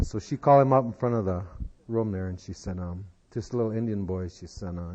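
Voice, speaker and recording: A man telling a long folksy joke as a speaker at a recovery meeting, unhurried and full of "he said". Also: on the low side, a little mellow. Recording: dull lo-fi 1990s tape.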